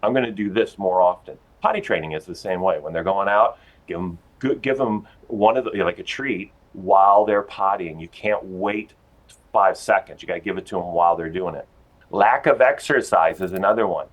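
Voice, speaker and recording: A man's voice: low voice, moderate pace, poor audio. A man from a pet store giving dog training tips on a TV segment, folksy and chatty, acting out little everyday scenes. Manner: folksy, acts out little scenes in his own voice. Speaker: pet store guest expert.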